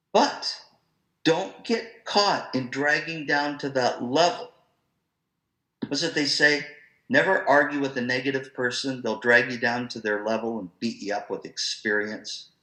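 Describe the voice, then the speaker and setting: A man presenting an online professional-development talk to music teachers, in a lively, conversational, storytelling manner. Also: mid-range voice, roomy sound, low-quality recording.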